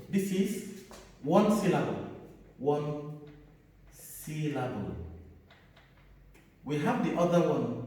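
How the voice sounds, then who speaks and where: A man teaching an English grammar lesson, speaking slowly, repeating words and stressing single letters. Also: fairly high pitch, warm tone. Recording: echoey room, voice from far off.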